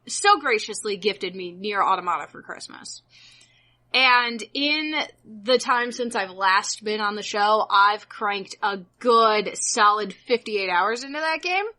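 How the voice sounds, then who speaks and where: A woman on a podcast, chatting casually and gushing excitedly, with plenty of filler words. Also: mid-range voice, slow pace. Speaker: podcast co-host. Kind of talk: casual chat.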